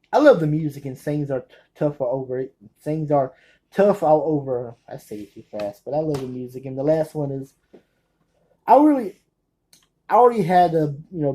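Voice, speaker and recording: Mellow-voiced man rambling to camera. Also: a little high, low-quality recording. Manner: rambling, loses track of names and restarts. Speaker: video host reviewing his movie collection. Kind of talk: casual rambling talk to camera.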